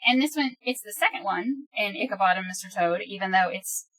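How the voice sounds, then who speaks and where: Bright chatty woman podcast host. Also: medium pitch. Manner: chatty, animated, quotes characters in quick asides. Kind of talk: casual film discussion chat.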